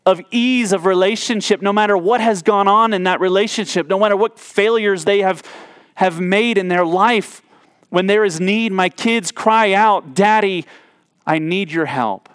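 Earnest higher-voiced male preacher, dry sound. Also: normal speed, fairly bright tone, smooth, dry recording. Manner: earnest, with frequent restarts and repeated words. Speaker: pastor. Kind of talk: sermon.

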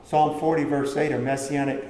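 The preacher, a man with a medium-pitched, dark voice, talks briskly in a level tone, raising questions for the listeners and supplying the answers himself. The sound carries a little hiss or hum, echoing in a hall with faint background ambience.

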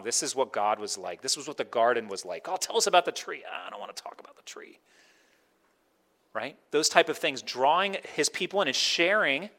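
A man's voice: on the high side, sharp tone. A man preaching a sermon in a conversational way, often slipping into quoted voices to make his point. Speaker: pastor.

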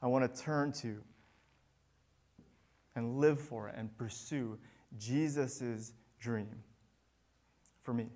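A man's voice: medium pitch, slow, long pauses, dark tone. A man preaching a sermon as pastor, earnest and building to emphatic peaks.

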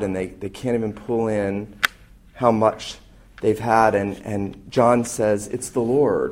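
A male pastor delivering a sermon in an earnest, emphatic way, pressing hard on the words he wants to land. His voice sits at an ordinary middle pitch for a man, neither deep nor high. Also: a little mellow, a little hiss or hum. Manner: earnest, emphatic preaching with rising intensity.

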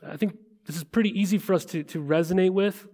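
Fairly high-voiced man preaching in a hall. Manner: conversational, checks in with listeners by asking "right?"; slows down and drops to a hush at weighty moments. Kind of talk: sermon. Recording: long reverb of a large hall.

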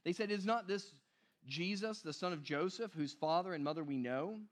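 High-voiced man preaching casually. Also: moderate pace. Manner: casual, conversational preaching with repeated "right?" and "you guys". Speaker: pastor. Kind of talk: sermon.

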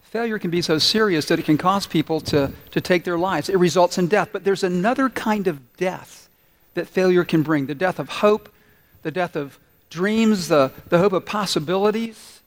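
A man preaching a sermon, telling a story earnestly and slowing down to stress key points. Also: high-pitched. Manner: earnest, storytelling, slows down for emphasis. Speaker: pastor.

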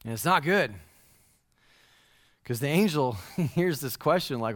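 High-voiced man preaching playfully. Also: a little slow. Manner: playful, slangy, animated asides. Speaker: pastor. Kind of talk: casual humorous sermon.

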